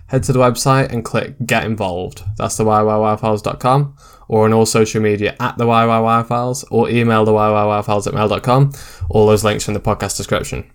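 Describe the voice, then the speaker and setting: A man hosting a fan podcast, friendly and chatty, laughing along with his guest. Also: lowish voice. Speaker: podcast host. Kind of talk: casual podcast chat.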